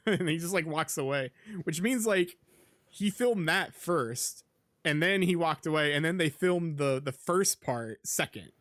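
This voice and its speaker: A man's voice: fairly high pitch, animated, a little slow, fairly bright tone, no echo, studio quality. A man hosting a podcast, recapping a film in casual chat, rambling with lots of ums and likes. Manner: rambling, filler-heavy, with many ums and likes. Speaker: podcast host.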